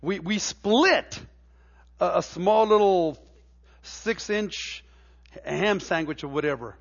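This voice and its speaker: A middle-aged male pastor preaching a sermon in a church, moving from folksy, stammering stories to emphatic preaching. His voice sits high for a man and has a gravelly edge. The recording sounds a little dull and lo-fi. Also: animated, takes it slowly. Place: church sanctuary.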